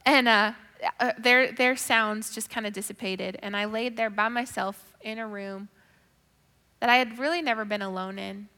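A woman giving an emotive personal faith testimony, moving between hushed, whispered moments and loud, excited storytelling. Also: on the high side, moderate pace, in a large hall.

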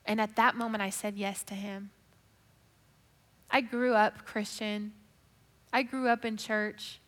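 A woman giving an emotive personal faith testimony, moving between hushed, whispered moments and loud, excited storytelling. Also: mid-range voice, takes it slowly, long reverb tail.

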